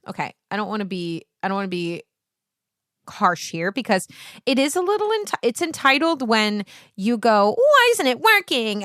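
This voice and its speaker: A woman in her thirties who teaches singing, talking straight to her viewers in a loose, profane ramble. She keeps wandering off on tangents and mocking herself before getting back on track. Her voice sits in an ordinary middle range, and the sound is dry and close with no room echo. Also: mid-range voice. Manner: rambling, profane, easily sidetracked; animated, self-mocking asides. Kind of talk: casual vlog monologue.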